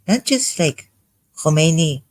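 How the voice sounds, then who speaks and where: A man commenting on scripture verses as he reads them aloud. He sounds agitated and halting, and thinks aloud as he goes. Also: a little high, big pitch swings, low-quality recording. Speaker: ex-Muslim commentator.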